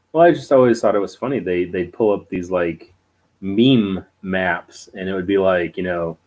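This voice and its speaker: Very deep-voiced man. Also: unhurried, darkish tone, rough recording. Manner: joking, self-deprecating, chuckles often. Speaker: co-host. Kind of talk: casual chat on a live stream.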